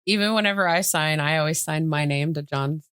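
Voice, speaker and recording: A woman's voice: deep voice, brisk, a bit bright, smooth, no room sound, clean studio sound. A woman co-hosting a podcast in casual chat, mostly chiming in with short supportive replies. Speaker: podcast co-host.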